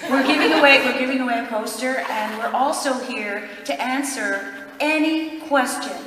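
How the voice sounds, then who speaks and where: A woman on a convention panel, answering in a chatty way and thinking out loud. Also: high-pitched, moderate pace, slight background noise. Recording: echoey hall from far off.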